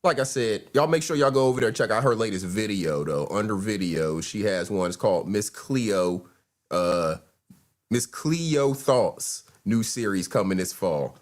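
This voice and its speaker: A man's voice: fairly low pitch, lively intonation, unhurried. A man hosting a reaction show, bluntly commenting on clips and calling his viewers y'all. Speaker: host.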